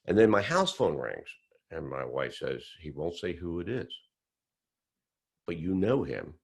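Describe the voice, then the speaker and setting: Deep-voiced man telling a story. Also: very animated, unhurried, gravelly, slightly rough. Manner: acts out quoted voices with big pitch swings. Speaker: speaker recounting whistleblowing story. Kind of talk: animated storytelling talk.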